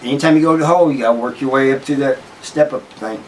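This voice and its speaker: A man's voice: medium pitch, quick pace, far from the mic, a little hiss or hum, poor audio. A man hosting his own channel, casually telling a story with many restarts and asides. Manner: rambling, with frequent restarts and "you know" asides. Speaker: channel host telling prison stories.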